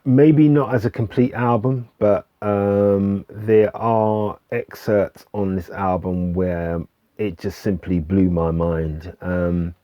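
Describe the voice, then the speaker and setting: A man casually reviewing albums he recommends, hesitant with many fillers and restarts, relaxed and enthusiastic. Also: on the low side, takes it slowly, no echo. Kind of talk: casual music review vlog. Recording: dull lo-fi dry recording.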